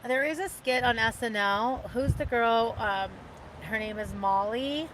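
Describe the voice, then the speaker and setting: A woman's voice: on the high side, unhurried, fairly bright tone, slight background noise, low-quality recording. A woman hosting a casual livestream, chatting in a rambling way and reading out viewer comments. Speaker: livestream host.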